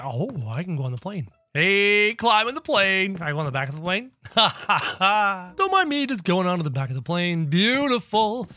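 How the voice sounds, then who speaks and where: A man with a high, bouncy voice that leaps all over the place, giving playful let's-play commentary. He reacts excitedly and chats to the characters on screen and to his viewers, with faint game music underneath. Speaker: gaming channel host.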